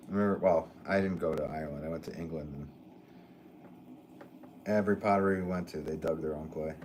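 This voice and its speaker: A man's voice: rumbling low, steady tone, a little fast, a little mellow, slight background noise. A man live-streaming from his pottery studio, chatting casually with viewers and answering their comments while he works clay.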